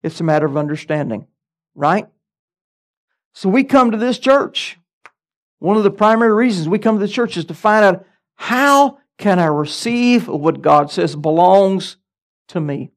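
Man, pastor, middle-aged, high voice, emphatic sermon, rhetorical amens. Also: animated, moderate pace.

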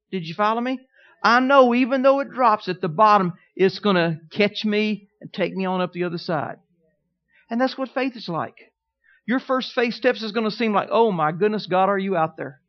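High-voiced storytelling preacher man. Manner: storytelling preacher, calls out "Amen?" to the congregation. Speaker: pastor. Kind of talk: sermon. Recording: dull lo-fi sermon recording.

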